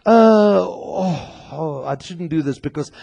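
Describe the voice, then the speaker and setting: A male pastor preaching an impassioned sermon to his congregation, at times raising his voice to a shout and talking straight to them. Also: on the high side, lively intonation, takes it slowly, creaky, husky, muffled recording. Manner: talks directly to the congregation. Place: church.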